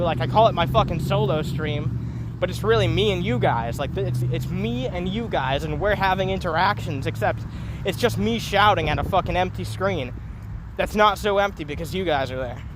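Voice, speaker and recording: A man's voice: sits high, noisy background. A young man ranting into his phone on a solo livestream, rambling, profane and mocking himself. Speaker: streamer.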